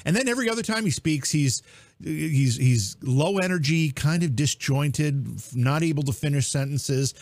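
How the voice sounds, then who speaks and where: A man hosting a casual podcast panel, talking in a lively, chuckling way. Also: a little high, normal speed, no room sound. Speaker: podcast host.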